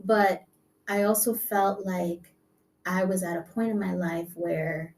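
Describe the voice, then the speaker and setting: A young adult woman, a singer-songwriter guest, telling her life story in a casual interview, reflective and soft-spoken, often trailing off with fillers. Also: lowish voice, steady tone, slow, far from the mic, slight background noise.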